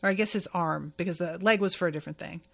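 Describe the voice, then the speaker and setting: A woman's voice: lowish voice, quick pace, gravelly, a bit bright. A woman hosting a podcast, recapping an episode in a casual, candid way and swearing now and then. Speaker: podcast host.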